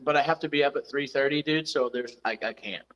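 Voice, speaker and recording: A man's voice: on the high side, fast, fairly bright tone, no echo. Man with a dull, lo-fi sound. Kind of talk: casual chat.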